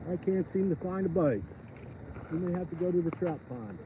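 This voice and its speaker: A man's voice: high-pitched, expressive, a little fast. A man ice fishing outdoors, chatting and joking with his viewers on a live stream from his phone. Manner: chatty, rambling and jokey, talks to viewers. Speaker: fishing vlogger. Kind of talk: casual live-stream chat. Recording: dull lo-fi phone audio outdoors. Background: wind.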